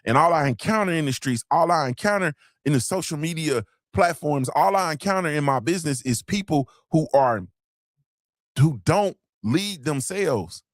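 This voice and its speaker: A man's voice: on the high side, expressive, moderate pace, no echo, clean studio sound. A man hosting a motivational podcast livestream, preaching and repeating his points, swearing casually and asking "you feel me". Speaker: podcast host.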